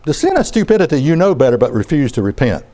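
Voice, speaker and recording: Animated, folksy male preacher. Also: fairly high pitch, quick pace. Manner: folksy, conversational, sarcastic. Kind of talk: sermon.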